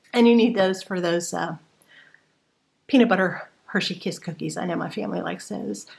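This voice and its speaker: A woman's voice: fairly high pitch, a bit bright. A woman in her sixties hosting a casual grocery haul vlog, chatty and homey, rambling with fillers and a little out of breath. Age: 60s. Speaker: vlog host.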